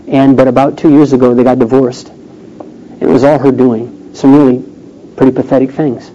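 A middle-aged man telling a personal story in a sermon, acting out the people he quotes. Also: mid-range voice. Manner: animated storytelling, acts out quoted voices. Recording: dull lo-fi recording with faint noise.

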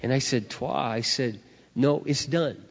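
A man preaching a sermon through personal stories, animated, acting out dialogue and swinging between loud and soft. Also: mid-range voice, measured pace, creaky, a little hiss or hum. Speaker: pastor. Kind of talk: sermon with storytelling. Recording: dull recording in a reverberant hall.

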